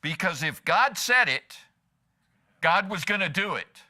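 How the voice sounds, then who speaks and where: Bright-voiced man preaching a sermon. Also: high voice, lively intonation, a little slow. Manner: preaching with rhetorical questions and humor. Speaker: pastor. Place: church.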